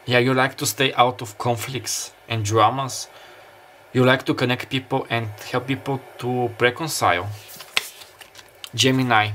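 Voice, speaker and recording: In a steady, sharp-toned mid-range voice, this tarot reader muses through a pick-a-card reading, hesitating often and restarting with many fillers. Soft summer beach sounds and a bit of background noise play behind.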